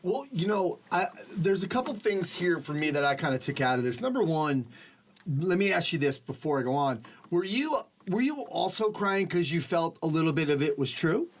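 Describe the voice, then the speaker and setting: Man, podcast host, slightly high voice, casual conversational interviewing. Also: big pitch swings, normal speed. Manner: conversational, frequent "you know" fillers.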